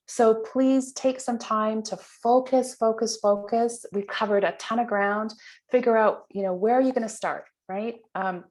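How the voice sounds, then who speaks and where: A woman's voice: mid-range voice, darkish tone. A woman leading an online training session over a video call, talking casually with many fillers and restarts. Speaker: workshop trainer.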